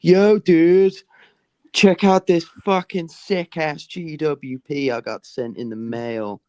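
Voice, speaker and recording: A man's voice: fairly high pitch, fairly even intonation, slow pace, warm tone, smooth, no echo, voice pushed up. A man putting on a swaggering, slangy young American YouTuber dude. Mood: hyped.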